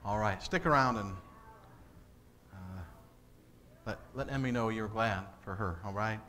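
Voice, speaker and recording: A man's voice: on the low side, a little slow, pushed and bright. A man, the pastor, giving casual closing announcements with frequent fillers.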